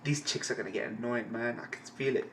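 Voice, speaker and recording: A man's voice: mid-range voice, fairly even intonation, fast, fairly bright tone, a little hiss or hum. A man streaming a live comic reading who swears constantly, laughs and rambles. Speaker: reaction streamer.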